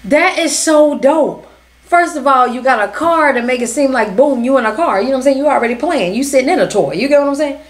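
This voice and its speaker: A woman's voice: high-pitched, animated, a little fast. A young woman hosting a reaction video, talking in casual slang, swearing and laughing as she comments and snacks.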